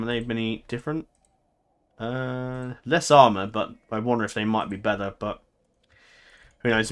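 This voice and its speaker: A man's voice: mid-range voice, pushed and bright. A man giving casual game commentary, chatty and prone to laughing, thinking aloud and second-guessing himself as he goes. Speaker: gameplay commentator.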